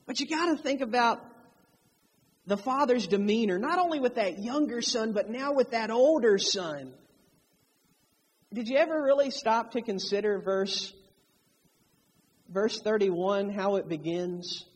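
A man's voice: very high voice, big pitch swings, measured pace, slightly rough. A man preaching a sermon, emphatic, drawing out key phrases to stress them. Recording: long hall reverb.

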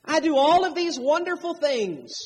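A man's voice: very high-pitched, very animated, moderate pace, voice pushed up. A man doing a smug self-righteous religious leader. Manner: boastful, self-satisfied. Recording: long hall reverb.

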